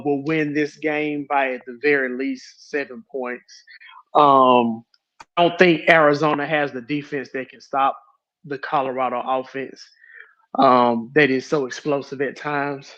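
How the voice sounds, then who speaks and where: A man's voice: a little high, fairly even intonation, unhurried, fairly bright tone, muffled recording. A man giving his predictions as a panelist in a casual sports chat, hesitant with ums.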